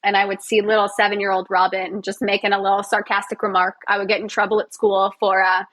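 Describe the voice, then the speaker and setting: A woman's voice: medium pitch, little pitch movement, fast, fairly bright tone, rough recording. A woman, a physiotherapist and actor, guesting on a podcast in casual, self-mocking, sarcastic chat.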